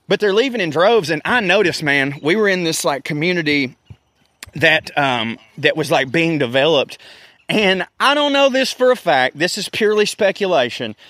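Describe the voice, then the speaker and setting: A man's voice: a little high, bright, forceful tone, dry recording. A man, ranting casually and profanely as a host, and putting on voices for the people he quotes. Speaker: podcast host. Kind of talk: casual rant.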